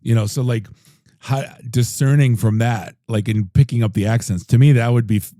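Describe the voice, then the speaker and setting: A man hosting a podcast, telling stories in a rambling, animated way with lots of fillers. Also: medium pitch, moderate pace, no room sound, clean studio sound. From United States. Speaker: podcast host. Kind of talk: casual chat.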